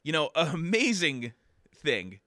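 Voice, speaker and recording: Bright-voiced rambling male comedian. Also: a little high, big pitch swings, unhurried, no echo, studio quality. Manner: rambling, filler-heavy. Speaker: comedian, open mic host. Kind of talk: casual podcast chat, storytelling.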